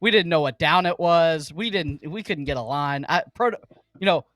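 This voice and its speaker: A slightly high-pitched man talking sports with his co-hosts. His delivery is loose and rambling, full of restarts. The sound is dry and close. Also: moderate pace, a bit bright, no echo. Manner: rambling, food comparisons, restarts. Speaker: co-host. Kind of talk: casual sports talk.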